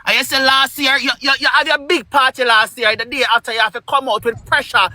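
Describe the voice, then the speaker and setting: A Jamaican woman talking fast and emphatically in a heated live chat, pleading and defending a friend. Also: high-pitched, fairly even intonation, sharp tone.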